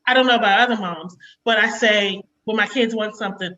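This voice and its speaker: Bright-voiced woman doing stand-up. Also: mid-range voice, brisk. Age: 40s. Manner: chatty, quotes a stern mother in sharp asides. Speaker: stand-up comedian. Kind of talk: stand-up comedy set. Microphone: video call. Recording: lo-fi video call audio.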